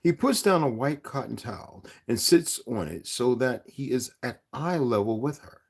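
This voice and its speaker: A man reading a romance novel aloud, expressive and occasionally correcting himself. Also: mid-range voice, moderate pace, creaky, breathy edge. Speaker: reader.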